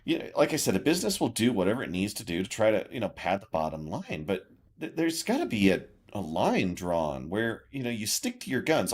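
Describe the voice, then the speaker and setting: A man's voice: on the low side, huge pitch swings, a little fast, breathy edge. A man co-hosting a political chat show, emphatic and sarcastic, his voice jumping up when he gets riled. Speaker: podcast co-host.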